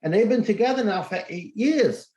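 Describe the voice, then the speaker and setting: Expressive older-sounding male host, echoey room. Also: high-pitched, moderate pace. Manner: expressive, acts out quoted dialogue. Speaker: podcast host. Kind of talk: casual interview storytelling.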